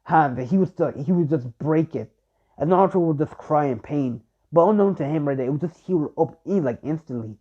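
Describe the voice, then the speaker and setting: A young man improvising fan-fiction narration in a rambling way, full of fillers and restarts, on a dull lo-fi recording. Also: medium pitch. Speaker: fan storyteller.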